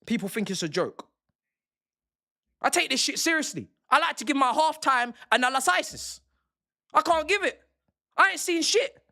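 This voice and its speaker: A man's voice: very high voice, moderate pace, vocal fry, bright, forceful tone. Fuming young man ranting. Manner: angry, profane, repetitive ranting. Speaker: football streamer. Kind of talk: ranting live stream.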